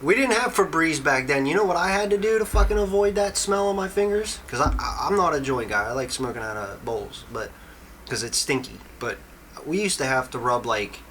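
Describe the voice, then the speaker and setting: Animated guy, voice swings all over, jokey and sweary, bit of faint noise. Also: a little high, a little fast, poor audio. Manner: animated, joking, profane. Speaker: podcast co-host. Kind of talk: casual chat.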